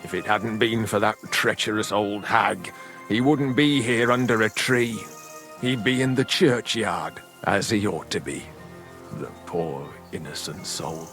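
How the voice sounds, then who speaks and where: An actor voicing a middle-aged village father in a medieval game, slow and brooding, grieving and bitter with angry bursts. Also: lowish voice, a bit bright, soft background music. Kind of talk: voiced game dialogue.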